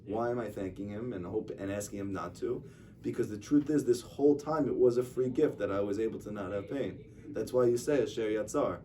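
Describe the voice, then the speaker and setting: Rabbi lecturing a class in a low, conversational voice, acting out anecdotes, heard from a distance with light noise. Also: male voice, brisk, warm tone. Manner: conversational, tells stories and acts out dialogue. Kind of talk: informal religious lecture. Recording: distant mic with faint noise.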